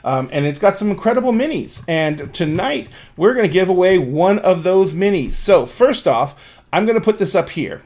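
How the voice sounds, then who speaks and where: A man's voice: high voice, animated, normal speed, a little mellow. A man running a tabletop game on a stream, talking in a casual, rambling way and swearing now and then. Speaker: game master.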